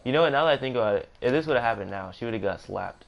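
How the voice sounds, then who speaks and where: A man's voice: mid-range voice, expressive, fast, vocal fry, lo-fi sound, a little hiss or hum. A young man casually narrating a storytime, rambling with self-corrections and joking asides. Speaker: gaming streamer.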